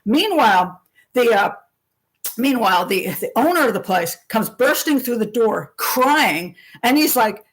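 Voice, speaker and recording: Older lady on a live stream, chatty and lively, slightly high voice, acts out what people said. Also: a little slow, low-quality recording. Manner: chatty and animated, acts out quotes, laughs often. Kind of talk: casual live-stream storytelling.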